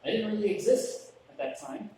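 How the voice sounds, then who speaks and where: A man's voice: sits high, lively intonation, moderate pace, mellow, slight background noise. Male preacher, conversational sermon, joking asides, cavernous church echo, heard from a distance. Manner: chatty, with joking asides and restarts. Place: church sanctuary. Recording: very echoey church room, mic at a distance.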